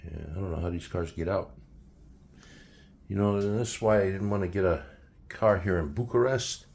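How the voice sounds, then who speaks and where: A man's voice: low-pitched, normal speed, creaky, a little mellow, husky. A man in his sixties talking casually in a travel vlog, rambling and full of fillers, filmed on a handheld phone. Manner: chatty, rambling storyteller with many fillers. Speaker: travel vlogger. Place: apartment indoors, later city streets outdoors.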